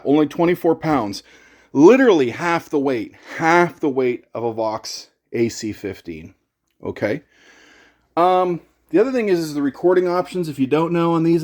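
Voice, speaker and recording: A man's voice: on the high side, darkish tone. A middle-aged man hosting a casual gear vlog, talking in a chatty, rambling, self-deprecating way. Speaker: YouTuber and pedal demo host.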